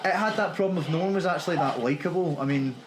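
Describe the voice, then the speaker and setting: Excitable Scottish man playing a game. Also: on the high side, echoey room, noisy background. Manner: excitable, quick reactions to the game. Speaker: let's play co-host and player. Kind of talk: casual gaming chat.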